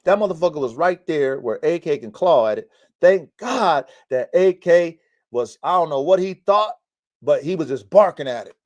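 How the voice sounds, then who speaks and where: The recording cuts off the highs, leaving his fairly high, lively voice with a darkish tone at a moderate pace. He's a dog breeder hosting a casual live-stream podcast about his dogs from home in the mountains, blunt and preachy, swearing often and repeating himself for emphasis.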